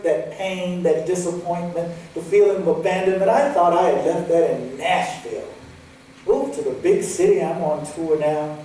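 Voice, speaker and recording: A man giving a sermon as a guest speaker, telling a personal story vividly and moving between lively and hushed passages. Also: a little high. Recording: echoey hall, distant mic, faint hiss.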